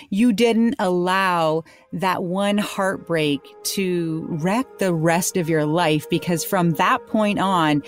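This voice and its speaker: A woman hosting an interview, asking her guest encouraging questions. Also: on the low side. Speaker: host.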